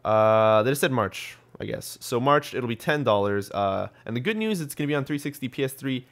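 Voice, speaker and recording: A man's voice: mid-range voice, lively intonation, fairly quick, creaky, fairly bright tone. A young man hosting a podcast, chatting casually about gaming news with lots of ums and restarts. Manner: rambling, full of ums and restarts. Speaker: podcast host.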